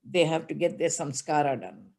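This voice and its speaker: A woman's voice: deep voice, normal speed, darkish tone. A woman giving a spiritual discourse, chanting Sanskrit verses and then explaining them in an earnest, emphatic way. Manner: earnest and emphatic, with light laughs. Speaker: spiritual teacher.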